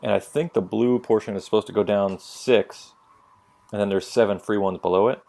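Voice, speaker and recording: A man's voice: on the low side, fairly even intonation, moderate pace, vocal fry, dark tone. A young man telling stories on a casual opinion podcast, blunt and profane. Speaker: podcast co-host.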